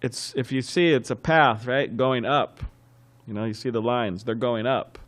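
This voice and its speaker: A man's voice: medium pitch, measured pace. Man telling stories in a temple class. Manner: lively storytelling with chuckles and restarts. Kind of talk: sermon with storytelling.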